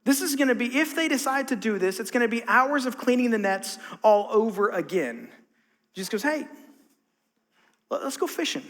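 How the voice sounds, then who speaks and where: A man's voice: very high voice, lively intonation, a little fast, a bit bright, big-room sound. A man preaching a conversational sermon as a pastor, acting out the voices in his story. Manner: conversational, acts out quotes.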